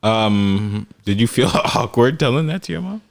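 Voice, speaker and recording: A man's voice: moderate pace, vocal fry. A young man in his twenties co-hosting a podcast, telling stories casually and acting out quotes with big jumps in voice. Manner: animated storyteller, acts out quotes with big pitch jumps. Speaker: podcast co-host. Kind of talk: casual chat.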